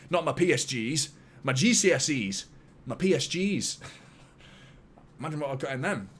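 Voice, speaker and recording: Excitable football fan streaming. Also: male voice, medium pitch, slight background noise. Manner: excitable, swears, jokes with chat. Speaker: watchalong host. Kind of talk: live football watchalong commentary.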